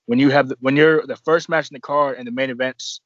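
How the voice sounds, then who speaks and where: Rambling wrestler guest, dull lo-fi sound. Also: male voice, mid-range voice, fairly even intonation, fast talker, no echo. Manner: rambling, profane, restarts often. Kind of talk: casual podcast storytelling.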